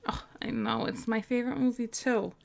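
A woman's voice: on the high side, steady tone, moderate pace, gravelly. A woman acting out a teasing, bossy young woman in a scripted audio role-play, giggling and scolding in mock disgust.

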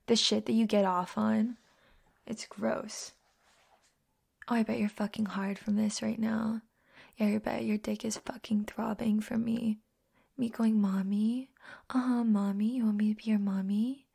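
Husky, creaky, and a little mellow, this medium-pitched woman keeps a level tone while voicing a domineering, scornful young woman in exaggerated whispered role-play. She taunts slowly, harshly, mockingly, with profanity.

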